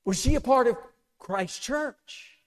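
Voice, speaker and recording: A man's voice: extremely high pitch, expressive, slow pace. A man preaching a sermon to a congregation, asking them one question after another with an emphatic delivery. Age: older.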